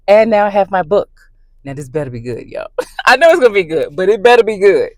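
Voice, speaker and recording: A woman telling a story to her camera in a casual, emphatic rant, talking with animated emphasis. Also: medium pitch, a little fast, dry recording. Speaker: book vlogger. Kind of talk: casual ranting vlog. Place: in her car.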